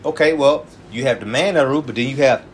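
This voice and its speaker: A man's voice: mid-range voice, fast talker, slight background noise. A man who is a church elder, preaching in an informal, emphatic, colloquial way and often tacking "man" onto his phrases. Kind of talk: informal sermon teaching.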